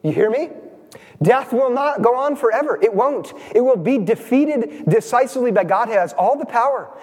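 A man's voice: very high-pitched, lively intonation, moderate pace, in a large hall. A man preaching a sermon as pastor, engaging his congregation with frequent questions.

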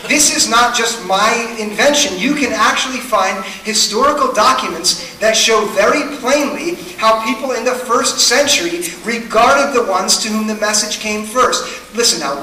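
Bright-voiced man preaching in an echoey hall. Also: high-pitched, a little hiss or hum. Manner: earnest, questioning, builds with repetition. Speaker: pastor. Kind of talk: sermon. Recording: echoey hall, mic at a distance.

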